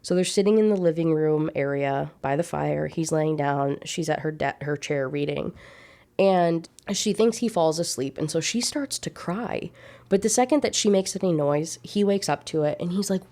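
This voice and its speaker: A woman's voice: sits low, normal speed. A young woman vlogger chattily recapping a classic novel, with lots of casual fillers. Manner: chatty, animated, many "like" fillers. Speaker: book review vlogger.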